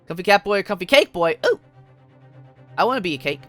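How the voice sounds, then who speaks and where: A man's voice: high-pitched, sing-song, a little fast, long pauses, a bit bright, no echo, soft background music. A young man live-streaming a game, playful and giggly, chatting with his viewers.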